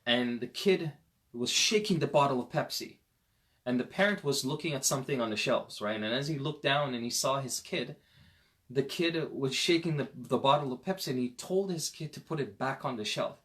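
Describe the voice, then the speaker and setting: A man teaching a parenting lecture on a Quran verse, telling stories with lively swings between loud emphasis and quiet asides, and speaking directly to parents. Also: medium pitch, moderate pace. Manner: conversational, addresses parents directly. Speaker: Islamic teacher.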